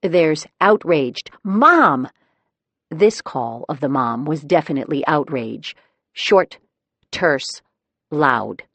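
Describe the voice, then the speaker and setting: A woman narrating an audiobook in the first person, telling the story in a wry, measured way. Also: sits low, lively intonation, dry recording.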